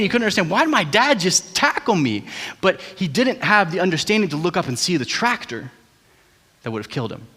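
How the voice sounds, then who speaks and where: A young man preaching a sermon as pastor, telling family stories in a conversational, animated way with asides to the congregation. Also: medium pitch. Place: large church auditorium. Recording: hall reverb.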